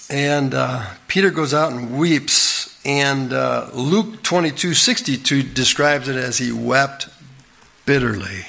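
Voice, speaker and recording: A man's voice: mid-range voice, creaky, a bit bright, breathy edge. A middle-aged man preaching a sermon in a folksy, earnest way, often asking the listeners questions.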